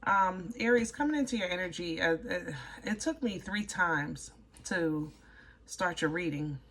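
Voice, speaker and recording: Chatty low-voiced woman reading tarot. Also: measured pace, slight background noise. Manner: chatty, gets excited and rambles. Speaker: tarot reader.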